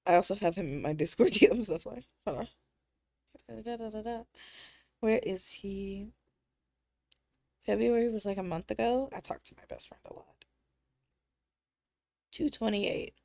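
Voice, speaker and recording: A woman's voice: mid-range voice, normal speed, gravelly, long pauses, dark tone. A woman streamer in casual chat, joking crudely and laughing often, trailing off into fillers between thoughts. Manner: crude teasing humor with frequent laughter.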